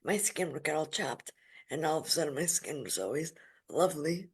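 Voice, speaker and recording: Woman in her 40s, husky and fairly low, lively emphatic guest storyteller. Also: brisk. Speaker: podcast guest. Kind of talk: casual interview storytelling.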